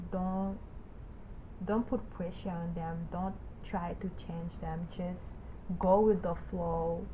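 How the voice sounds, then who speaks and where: A young woman with a Creole-tinged accent, speaking haltingly with many restarts in a casual discussion. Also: mid-range voice, phone-quality sound, slight background noise. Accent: Haitian Creole-influenced.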